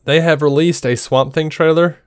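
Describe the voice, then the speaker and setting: A man co-hosts a podcast in casual, blunt chat, his voice smooth and clear. He is sarcastic and laughs often. The sound is dry and close. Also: a little high, fairly even intonation, normal speed, dry recording. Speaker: podcast co-host.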